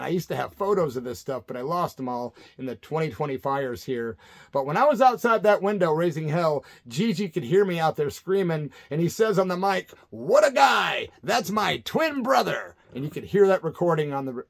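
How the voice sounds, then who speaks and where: A man in his sixties spins loose, rambling stories in a laid-back spoken-word style. His voice is gravelly with a lot of fry and sits a little high for a man. He keeps tossing in "man" as he goes. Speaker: storyteller recalling punk tours. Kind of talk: casual spoken-word storytelling.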